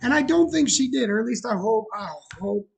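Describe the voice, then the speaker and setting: A man's voice: very high voice, lively intonation, brisk, creaky, a little mellow, husky. A man hosting a casual show about opening his bar, chatty and self-mocking, laughing often. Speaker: bar owner and show host. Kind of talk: casual chat.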